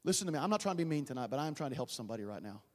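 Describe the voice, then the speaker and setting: A male pastor preaching a sermon in a large church hall, fervent and dramatic, swinging from loud to hushed, with folksy asides to the congregation. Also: medium pitch, very animated, racing. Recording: long church reverb.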